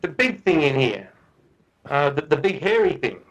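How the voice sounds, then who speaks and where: A man's voice: on the high side, sing-song, moderate pace, poor audio. A man voicing a blunt, forward boy in his early teens, direct and challenging, in a spoken anecdote.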